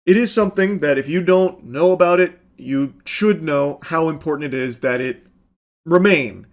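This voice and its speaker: A man giving excitable gameplay commentary, swearing, yelling and laughing at the game. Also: a little high, normal speed. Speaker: gaming commentator.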